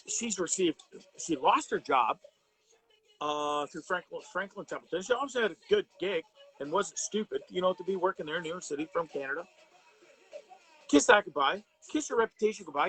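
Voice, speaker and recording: A man's voice: sits high, a bit bright, low-quality recording. A middle-aged man hosting a live online show, talking casually and ranting with profanity, rambling with fillers and restarts, and reading viewer comments aloud.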